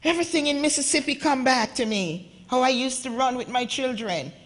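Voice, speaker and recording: A woman's voice: high-pitched, a little fast. A woman from Jamaica with a Jamaican accent, giving an impassioned talk at a conference and speaking straight to the audience. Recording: echoey hall with long reverb.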